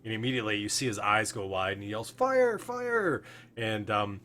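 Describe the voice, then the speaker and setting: A man narrating as game master of a tabletop game, relaxed and full of fillers. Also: fairly low pitch. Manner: relaxed, filler-heavy narration with quick guard voices.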